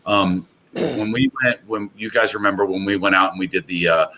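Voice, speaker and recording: A man's voice: low-pitched, a little fast, sharp tone, poor audio. A man talking as a guest on a casual podcast, rambling and enthusiastic with many restarts. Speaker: guest, pool products company owner.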